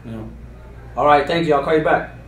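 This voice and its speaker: Earnest man in a roomy distant recording. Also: fairly quick. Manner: earnest, insistent, streetwise slang, swings from loud bursts to low mutters. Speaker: interviewee telling a true paranormal story. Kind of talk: casual storytelling to an interviewer. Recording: roomy, distant recording with faint background noise.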